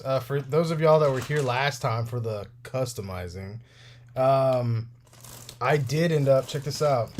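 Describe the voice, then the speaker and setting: Man, casual livestream host, chatty, rambling, laughs a lot, medium pitch. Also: slight background noise. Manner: chatty, rambling, reads chat aloud, laughs often. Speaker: toy repair livestream host. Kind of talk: casual livestream chat while working.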